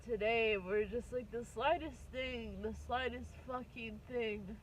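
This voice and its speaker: A woman in her twenties venting on a vlog, upset and close to tears, rambling and swearing in halting bursts. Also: fairly high pitch, a little hiss or hum, low-quality recording. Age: 20s. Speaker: vlogger.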